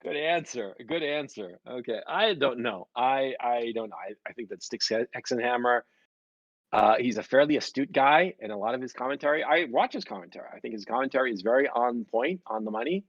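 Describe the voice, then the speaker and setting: A man hosting a stream, chatting casually with a profane, rambling, animated way of telling stories. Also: mid-range voice, a little fast, dry recording. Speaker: stream host. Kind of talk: casual podcast chat. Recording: dry, dull lo-fi sound.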